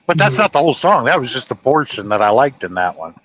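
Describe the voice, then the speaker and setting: A man's voice: medium pitch, big pitch swings, quick pace, fairly bright tone, poor audio. A man hosting a live stream in casual chat, telling anecdotes and laughing often. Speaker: host.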